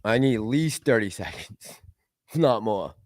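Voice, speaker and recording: A man's voice: fairly low pitch, animated, normal speed, a little mellow, no echo, clean studio sound. A man hosting a casual livestream, rambling and laughing as he reads out and answers chat messages. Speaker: livestream host reading chat.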